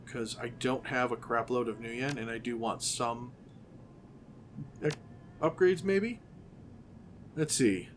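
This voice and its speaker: A man's voice: mid-range voice, slight background noise. Man musing through a game playthrough. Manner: musing aloud, thinking through options. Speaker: gaming channel host. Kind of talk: casual game commentary and reading game text aloud.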